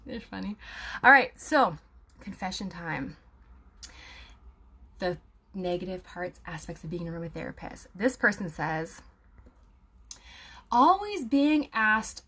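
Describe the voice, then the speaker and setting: A woman's voice: mid-range voice, a bit bright. A young woman, an aromatherapy student, chatting casually with viewers and reading their comments aloud, with lots of fillers and laughs. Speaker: aromatherapy student and live-stream host.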